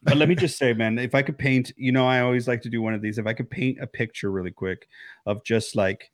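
A man co-hosting a casual film podcast from home, telling the story with lively acted-out reactions and frequent swearing. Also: medium pitch, quick pace. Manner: animated storyteller, swears freely, acts out reactions. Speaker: podcast co-host. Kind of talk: casual movie-discussion chat. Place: home, recording remotely.

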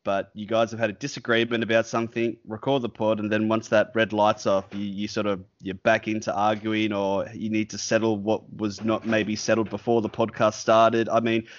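Male podcast host, hesitant and filler-heavy, lowish voice, dry lo-fi sound. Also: little pitch movement, normal speed, hardly any pauses, no room sound. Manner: hesitant, many fillers and restarts. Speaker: podcast host interviewing a guest. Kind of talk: casual podcast interview.

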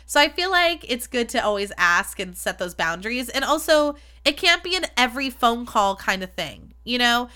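On her own podcast, a woman speaks frankly and chattily, swearing freely and poking fun at herself. Her voice is highish, sing-song and smooth with a sharp tone, moving at normal speed with hardly any pauses.

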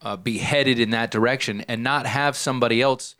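A man co-hosting a podcast in casual chat, earnest and affirming, slowing down to make his points. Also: medium pitch, fairly even intonation, pushed and bright, clean tone, no echo. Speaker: podcast co-host.

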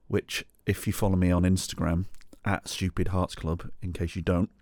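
A man's voice: low voice, steady tone, fairly quick, hardly any pauses, dark tone, no echo, clean studio sound. A middle-aged man hosting a solo podcast, telling a rambling, sweary, self-mocking story. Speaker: podcast host.

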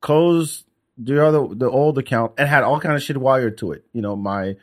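A man hosting a casual podcast conversation. He tells stories with animation and slips into the voices of the people in them. His voice sits at a middle pitch. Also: normal speed. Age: adult with young son. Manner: animated storyteller, acts out calls. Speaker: podcast host. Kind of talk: casual chat.

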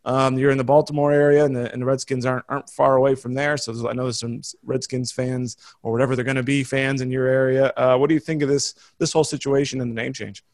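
An American man hosting a podcast, rambling in casual chat with many restarts and quick laughs. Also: medium pitch, level tone. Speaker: podcast host.

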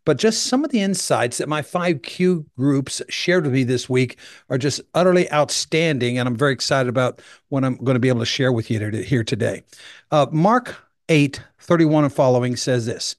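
A man's voice: medium pitch, lively intonation, normal speed, no echo, studio quality. Enthusiastic, chatty male pastor. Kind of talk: conversational sermon.

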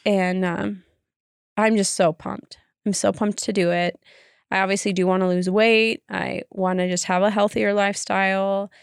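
A woman's voice: medium pitch, little pitch movement, moderate pace, creaky, clean tone, dry recording, clean studio sound. A young woman co-hosting a podcast, chatting casually and laughing often. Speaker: podcast co-host. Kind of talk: casual chat.

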